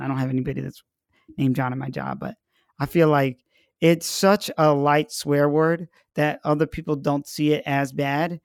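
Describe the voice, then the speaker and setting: A man's voice: fairly high pitch, fairly even intonation, normal speed, creaky, no echo, clean studio sound. A man being interviewed, answering in a playful, candid and cheerfully profane way. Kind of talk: casual street interview.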